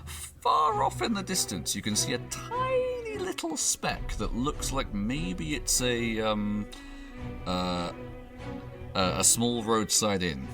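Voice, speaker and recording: Guy dm'ing a tabletop game, lots of ums, pitch all over the place. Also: wildly swooping pitch, slow, creaky, music in the background. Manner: rambling, lots of fillers and laughs. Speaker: game master.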